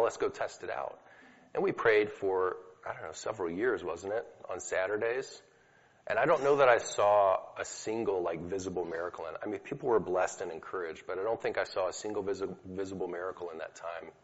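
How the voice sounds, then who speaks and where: A man's voice: sits low, a little fast. Man teaching in an echoey hall. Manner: storytelling, casual with fillers. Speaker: speaker teaching about healing prayer. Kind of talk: conversational teaching talk to an audience. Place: hall with a live audience. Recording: dull lo-fi recording in an echoey hall.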